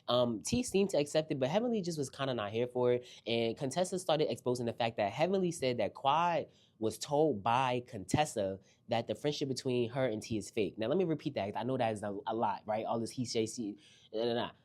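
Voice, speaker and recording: A man hosting a casual reality TV recap, animated and slangy, talking straight to his viewers. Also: mid-range voice, brisk.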